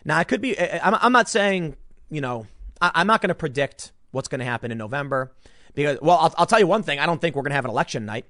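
A man hosting a solo commentary show, talking in an opinionated, animated way and slipping into mocking impressions. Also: on the high side, fast talker, no room sound, clean studio sound. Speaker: political commentator.

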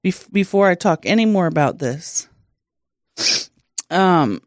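A woman co-hosting a casual podcast, telling an animated story and laughing often. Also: lowish voice, slow, no room sound, studio quality. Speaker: podcast co-host.

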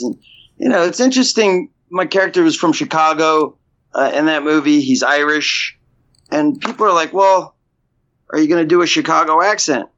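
Higher-voiced man, rambling interview guest. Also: a bit bright. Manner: rambling, restarts, frequent "you know". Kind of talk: casual interview talk. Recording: dull lo-fi sound.

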